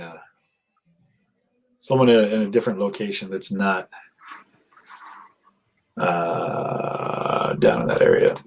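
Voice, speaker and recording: A man's voice: fairly low pitch, a little mellow, husky, poor audio. A man hosting a livestream in casual commentary, chatty and rambling, talking into a headset at his streaming setup. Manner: chatty, rambling, laughs at himself. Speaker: livestream host.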